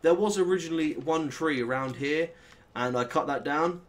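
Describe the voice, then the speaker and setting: A young British man with a British accent, chatting and swearing casually as he plays through a modded game, with sudden excitable outbursts. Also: a little high, normal speed. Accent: British English. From Britain. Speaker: gaming channel host. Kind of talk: casual Let's Play commentary.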